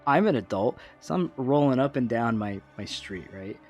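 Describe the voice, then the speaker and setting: Podcast host, male, mid-pitched, animated storyteller who laughs and slips into voices, faint music behind. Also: moderate pace. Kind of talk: casual storytelling chat.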